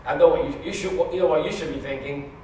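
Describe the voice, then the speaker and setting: High-voiced man preaching in a very echoey hall. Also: fast, a little mellow, slight background noise. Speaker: pastor. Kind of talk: sermon. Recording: very echoey room, mic at a distance.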